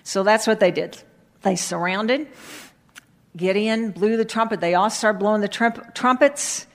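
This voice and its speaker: A middle-aged woman, a children's pastor, telling a Bible story and her own testimony to children in a lively way, then praying gently. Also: mid-range voice, measured pace.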